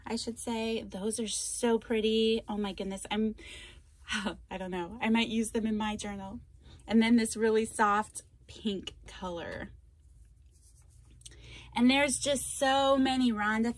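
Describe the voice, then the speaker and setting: A woman's voice: on the high side, steady tone, slow, no room sound. A woman hosting a casual craft vlog, gushing and thanking a viewer as she unpacks a box of supplies. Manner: gushing, effusive, repeats thanks. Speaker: craft channel host. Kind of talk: casual mail-opening vlog.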